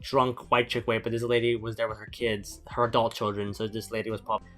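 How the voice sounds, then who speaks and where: A man's voice: lowish voice, little pitch movement, quick pace, a bit bright, faint music behind. A man chatting casually as co-host, telling a loose rambling anecdote. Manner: rambling, many fillers and restarts. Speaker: podcast co-host. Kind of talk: casual banter.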